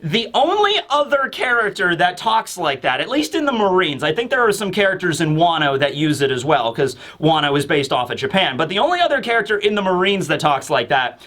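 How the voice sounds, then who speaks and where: A man hosting a casual manga review, excitable and rambling with lots of fillers. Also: high-pitched, fairly quick, hardly any pauses. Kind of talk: casual video commentary.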